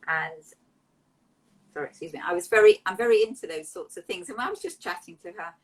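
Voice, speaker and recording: A woman, an interview guest telling personal stories in a heartfelt, emotional, animated way. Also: on the low side, fairly quick, breathy edge, poor audio. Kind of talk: candid interview storytelling.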